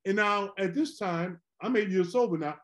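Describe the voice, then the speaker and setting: Middle-aged man, higher voice, animated storyteller, word repeats. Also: normal speed. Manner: animated, rambling, repeats words. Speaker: former pro basketball player, co-host. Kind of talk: casual storytelling chat.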